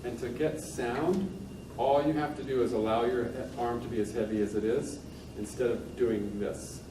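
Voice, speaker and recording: A man's voice: mid-range voice, steady tone, moderate pace, background noise. A man coaching a pianist in a master class, encouraging and demonstrating at the piano as he talks. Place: room with a piano. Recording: roomy sound from a distant mic with loud piano.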